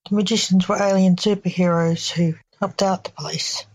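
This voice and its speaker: A woman narrating a short story in a steady, unhurried reading voice. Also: medium pitch, husky, poor audio. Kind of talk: scripted narration.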